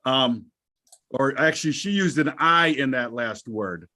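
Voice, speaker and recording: A man co-hosting a casual market talk show, blunt and quick to laugh. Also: mid-range voice, lively intonation, bright, forceful tone.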